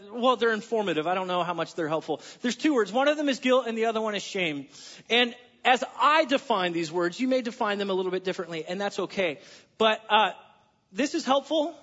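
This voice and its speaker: A man preaching a sermon as pastor, animated, with wry sarcastic asides and soft near-whispered moments for emphasis. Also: very high-pitched, big-room sound, muffled recording. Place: church sanctuary.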